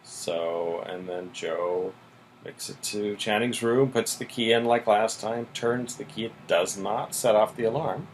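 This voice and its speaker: Unhurried and lowish in pitch, a male podcast co-host casually walks through TV episode plots, leaning on "mm-hmm" and "so." There's slight background noise, and the recording quality is rough.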